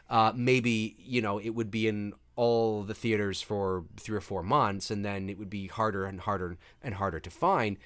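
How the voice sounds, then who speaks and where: Man, host of a casual live movie commentary. Excitable and profane, with a lively, swinging pitch. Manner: excitable, swears freely, reads chat aloud.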